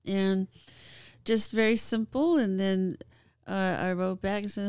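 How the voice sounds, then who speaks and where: Smooth-voiced chatty woman. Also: mid-range voice, steady tone, darkish tone, no room sound. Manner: chatty, laughing often, halting with fillers. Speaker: guest. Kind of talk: casual storytelling.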